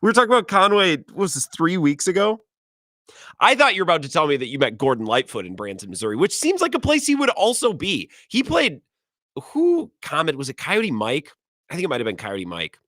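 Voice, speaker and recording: A male sports radio host chats with callers in a joking, animated way, his pitch leaping around a lot. The studio sound is dry and close, with no room behind him. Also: brisk, no room sound. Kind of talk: casual chat.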